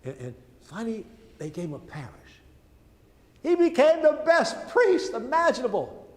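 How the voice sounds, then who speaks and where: A man's voice: very high voice, huge pitch swings, normal speed. An older man, a priest, telling a long personal story during a sermon in a folksy, chatty way, with asides to the congregation. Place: church. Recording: church hall reverb with faint ambience.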